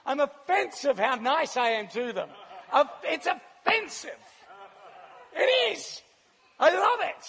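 A church speaker from New Zealand, with the accent to match, gives a sermon built around his personal testimony, telling it animatedly and laughing often. His very high-pitched voice is gravelly and slow, echoing with long hall reverb.

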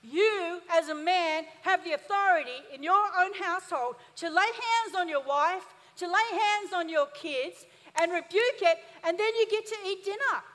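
High-voiced woman preaching in a hall. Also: normal speed, few pauses, a bit bright. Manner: emphatic, call-and-response preaching. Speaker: pastor. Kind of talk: sermon. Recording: reverberant church hall.

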